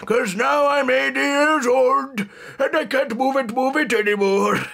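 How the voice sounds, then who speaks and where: A man voicing an eighty-year-old jolly lemur king, who sings and shouts boisterously. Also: very high-pitched, unhurried, gravelly, pitched above the performer's own voice, heavily acted.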